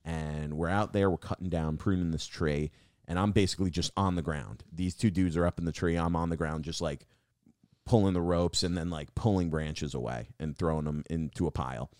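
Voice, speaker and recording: A deep-voiced young man spins a rambling, swear-heavy story and calls everyone "dude". He sits close to a podcast mic in a dry, dead room. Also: steady tone, brisk, a little mellow, dry recording. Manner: profane, says "dude" constantly. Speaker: guest comedian.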